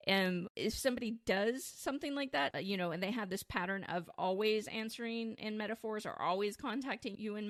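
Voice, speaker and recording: A woman's voice: mid-range voice, dry recording. A woman hosting a dating advice podcast, talking in a casual, playful way and often breaking into giggles. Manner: playful, self-amused humor.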